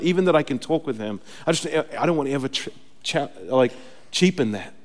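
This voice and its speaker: A man's voice: mid-range voice, animated, fairly quick, darkish tone. A young adult male pastor preaching a sermon, telling stories casually and then building to emphatic preaching. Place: church sanctuary. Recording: long reverb of a church hall.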